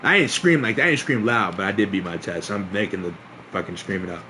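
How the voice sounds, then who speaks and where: A young man casually telling a story to his stream, swearing, laughing often and acting out quotes loudly. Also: lowish voice, quick pace, a little hiss or hum.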